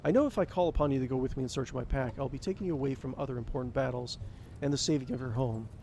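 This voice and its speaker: A man voicing a grim, brooding male space-wolf warrior, speaking low and measured. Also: dark tone, a little hiss or hum, natural voice. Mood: solemn.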